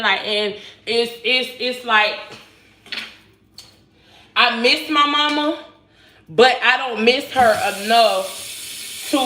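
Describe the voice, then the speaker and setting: A woman's voice: a little high, pushed and bright, slight background noise. A woman in her thirties chatting candidly with viewers in casual slang while she cooks in her home kitchen. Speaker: vlogger. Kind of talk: casual storytime chat while cooking. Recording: echoey kitchen.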